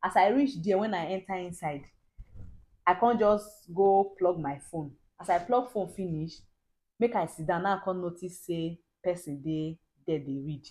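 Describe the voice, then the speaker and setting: A Nigerian woman telling, in a lively and animated way, the story of how she met her husband, chatting at home. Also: fairly low pitch, normal speed, rough recording. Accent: Nigerian Pidgin. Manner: lively, animated storyteller who laughs often. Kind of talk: casual storytelling.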